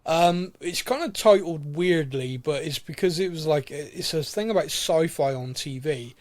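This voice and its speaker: Middle-aged male podcast host, slightly high voice, chatty and rambling. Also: a little slow. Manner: chatty, rambling, laughs easily. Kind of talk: casual chat.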